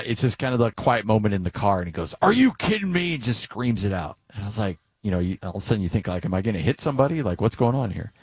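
A man's voice: lowish voice, dry recording. Chatty male sports radio host. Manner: chatty, tells stories with lively quoted voices. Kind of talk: casual sports radio chat.

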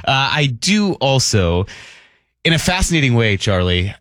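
A man hosting a morning sports radio show, talking quickly and casually and laughing often. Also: mid-range voice, big pitch swings, fairly bright tone, no room sound, studio quality.

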